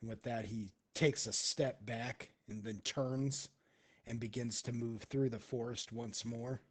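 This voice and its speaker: A man narrating as game master of a tabletop role-playing game in a relaxed way, laughing often. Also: mid-range voice, slow. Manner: relaxed, many fillers and restarts, laughs often.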